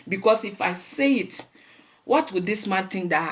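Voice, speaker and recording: A woman with a Nigerian accent hosting a show, telling animated stories in a casual monologue and slipping into pidgin. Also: mid-range voice, moderate pace, a little hiss or hum. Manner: animated storyteller mixing in pidgin. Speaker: show host.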